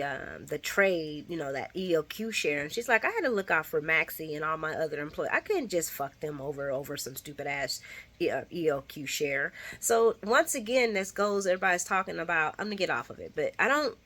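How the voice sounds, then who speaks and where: A woman talks through a soap opera recap in a loose, chatty monologue, full of slang and the odd swear word. Her voice sits fairly low but sounds bright and forceful, and she jumps far higher whenever she acts out a character's lines.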